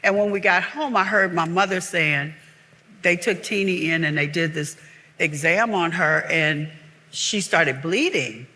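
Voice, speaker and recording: Older lady guest sharing her story on stage, bright sharp voice, reverby live theater. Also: on the low side, unhurried. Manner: earnest, heartfelt, with frequent restarts. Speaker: guest author. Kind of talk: candid storytelling conversation.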